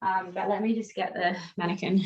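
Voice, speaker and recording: A woman's voice: medium pitch, a little fast, lo-fi sound. Chatty Australian woman teaching braids. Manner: chatty and animated, demonstrating on a mannequin. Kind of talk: casual hair braiding tutorial on a video call.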